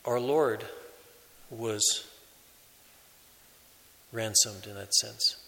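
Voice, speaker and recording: A priest delivers a sermon in a slow, measured way, pausing between phrases. His voice is slightly low yet bright and forceful. A long church reverb trails behind every word. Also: gravelly. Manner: slow, measured preaching with pauses.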